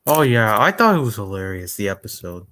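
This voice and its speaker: A man's voice: on the low side, sing-song, brisk, bright, forceful tone. A young man co-hosting a stream, mostly giving brief, agreeing replies in casual chat.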